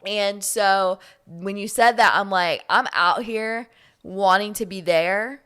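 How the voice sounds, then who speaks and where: A young adult woman, a podcast guest, in casual faith-based chat, telling stories in an animated, heartfelt way. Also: mid-range voice, slow, smooth.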